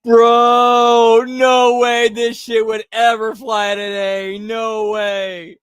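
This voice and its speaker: A man's voice: very high voice, completely flat delivery, extremely slow, a bit bright, smooth, dry recording, studio quality. A man hosting a watch-along stream, reacting to a clip with blunt, profane casual commentary.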